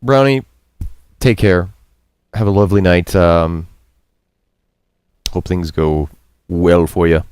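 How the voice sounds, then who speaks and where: A man streaming a game, translating its lines aloud as he goes, halting and thinking aloud with lots of fillers and some self-mockery. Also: sits low, steady tone, darkish tone, smooth, dry recording. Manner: chatty and self-mocking, reads out character lines.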